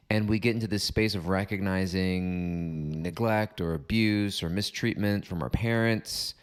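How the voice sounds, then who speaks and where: A man hosting a reflective solo podcast, talking calmly and deliberately in repeated parallel phrases. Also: on the low side. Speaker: podcast host.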